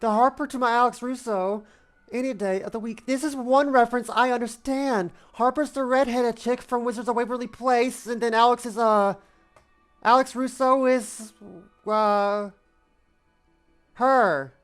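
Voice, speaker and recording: A woman in her twenties streams a game and chats casually, rambling and playfully repeating herself. Her voice sits fairly high with fairly even intonation and a measured pace, and faint music plays behind her.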